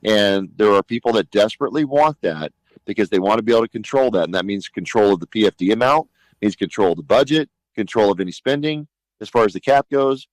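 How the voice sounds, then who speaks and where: A man's voice: on the low side, fast, no room sound, poor audio. A middle-aged man, a state senator, talking emphatically on a radio talk show and acting out conversations. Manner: emphatic, animated, acts out conversations.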